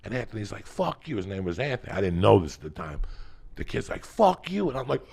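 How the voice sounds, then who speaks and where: A middle-aged man from New Jersey with a gravelly voice, telling a profane, animated story in casual chat and acting out the voices. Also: on the low side, quick pace. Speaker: podcast host.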